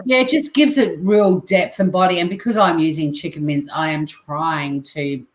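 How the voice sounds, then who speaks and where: Australian woman, low-set voice, easy chat as she cooks and reads comments. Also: moderate pace. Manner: chatty, reads out viewer comments. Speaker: cooking stream host. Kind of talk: casual chat while cooking.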